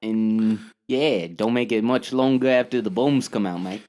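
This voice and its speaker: A man's voice: fairly low pitch, measured pace, darkish tone, lightly acted. A man voicing a friendly, easygoing male creature adventurer who calls people mate.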